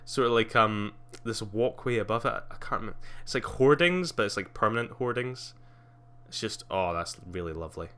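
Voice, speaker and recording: Young male streamer, lower register, bright tone, loose chatty delivery full of ums. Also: lively intonation, fairly quick, smooth. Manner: rambling, many fillers, laughs often. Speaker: live streamer. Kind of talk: casual live-stream chat.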